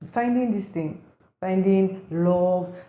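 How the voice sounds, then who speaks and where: A woman's voice: medium pitch, takes it slowly, dark tone, slight background noise. A nineteen-year-old woman hosting a solo podcast, chatting casually and rambling with lots of "like," sounding tired. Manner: rambling and chatty, heavy use of "like". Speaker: podcast host.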